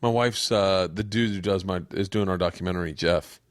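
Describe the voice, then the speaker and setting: A man and comedian co-hosting a casual podcast, telling stories excitedly and laughing often, with jumps into high-pitched bursts. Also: a little fast, no room sound, clean studio sound.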